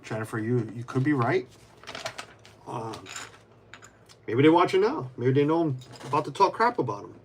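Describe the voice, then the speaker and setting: A man of middle pitch talks loosely on a live stream, circling his thoughts with false starts and fillers. He answers viewers by name, then drops into muttering to himself while he works with his hands. Faint noise sits behind him. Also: sing-song, normal speed, pauses often. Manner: rambling, many restarts, answers viewers by name. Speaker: livestreamer. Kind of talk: casual live-stream chat while building.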